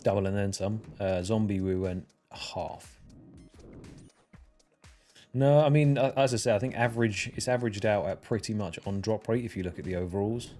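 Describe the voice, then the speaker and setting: Casual male game streamer, deep and relaxed, chatting with viewers over faint game music. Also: moderate pace. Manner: chatty, answers chat while playing. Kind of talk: casual livestream chat.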